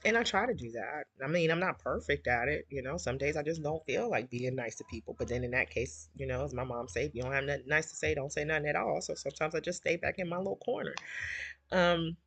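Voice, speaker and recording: A middle-aged woman hosts a casual, heartfelt livestream, rambling emotionally as she reads viewer comments. Her voice is low-pitched and quick, fairly bright with a breathy edge, and has no room sound.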